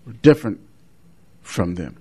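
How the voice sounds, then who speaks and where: A male pastor, preaching a measured sermon, with emphatic repetitions. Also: low voice, very animated, warm tone, slightly rough.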